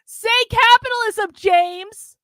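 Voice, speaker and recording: A woman's voice: very high-pitched, measured pace, pushed and bright, dry recording, pitched above the performer's own voice, full character voice. A woman voicing a fierce, tearful woman who screams her demands, in a comic fan story read aloud. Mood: desperate. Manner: screaming, roaring.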